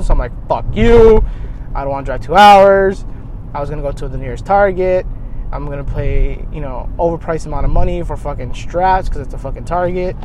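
A man telling a long profane story with lively put-on voices as he drives. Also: a little high, background noise. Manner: profane, rambling, animated retelling with put-on voices. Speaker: vlogger. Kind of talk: casual storytelling while driving. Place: in a car.

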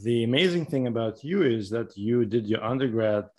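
A man hosting an interview, asking curious, friendly questions with hesitant pauses. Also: medium pitch, lively intonation, darkish tone. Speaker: host, interviewer. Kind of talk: casual interview.

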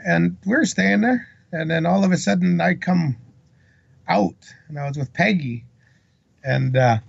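A man with a heavily gravelly, husky voice pitched a bit high tells a long campfire-style story in a loose, rambling, salty way. The sound is dry and close, but dull and lo-fi. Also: a little slow, no room sound. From British Columbia, Canada. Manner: rambling, salty anecdotal retelling. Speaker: interview guest. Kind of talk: casual storytelling. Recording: dull lo-fi recording.

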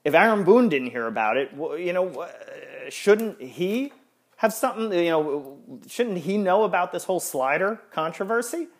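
A man hosting a sports podcast in casual chat, ranting with exasperation and stumbling restarts. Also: normal speed. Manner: lively, swinging up and down in pitch. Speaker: podcast host.

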